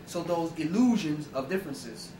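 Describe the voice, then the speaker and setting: A man's voice: on the high side, expressive, moderate pace, distant mic, background noise. A man giving an informal lecture, emphatic and profane, often asking his listeners rhetorical questions. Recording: roomy echo, voice away from the mic.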